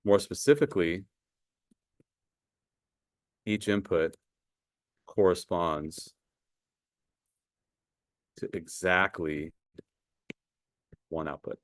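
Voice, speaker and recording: Lowish guy teaching algebra, chatty, quizzes the kids, dry sound. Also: extremely slow, pauses often, dry recording. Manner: conversational, asks the class questions, repeats words. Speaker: math teacher. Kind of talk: classroom lecture. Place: classroom.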